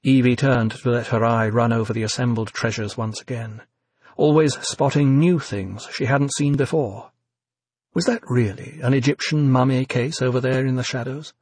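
A man narrating an audiobook with measured, descriptive storytelling and a husky voice. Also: mid-range voice, fairly even intonation, darkish tone, dry recording.

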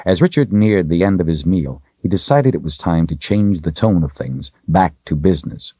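Deep, expressive male audiobook narrator. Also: moderate pace, hardly any pauses, husky, no room sound, dull audio. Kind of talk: scripted narration.

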